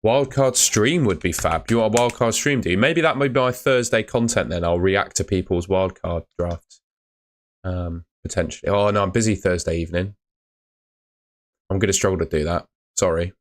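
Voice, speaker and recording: A man's voice: deep voice, normal speed. A young man hosting a live fantasy football stream, chatting casually and answering comments. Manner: casual, chatty, uses mate and fillers.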